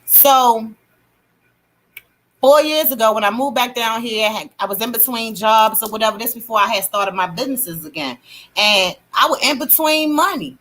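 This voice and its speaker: A middle-aged woman hosting a livestream, telling her testimony in a casual, animated way and greeting chat viewers. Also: fairly high pitch, moderate pace. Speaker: livestream host.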